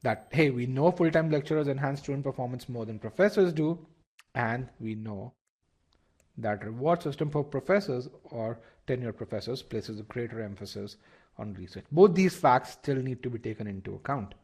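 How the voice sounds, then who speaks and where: A man's voice: mid-range voice, lively intonation, normal speed, darkish tone, slightly rough. A man teaching a live online test-prep lesson, explaining step by step, often repeating words and asking the class to check they follow.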